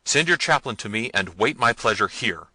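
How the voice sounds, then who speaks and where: A man voicing a domineering, harsh prince, speaking loudly and with command. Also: on the low side, expressive, moderate pace, no room sound, exaggerated voice, poor audio. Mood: imperious. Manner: loud, commanding delivery.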